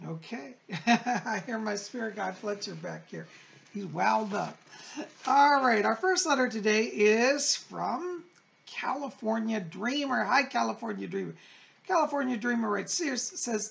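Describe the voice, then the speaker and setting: A middle-aged man hosting a psychic advice show, reading viewer letters aloud and answering them in a gentle, reassuring, chatty way. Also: high-pitched, lively intonation, a little slow, vocal fry. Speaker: psychic medium host.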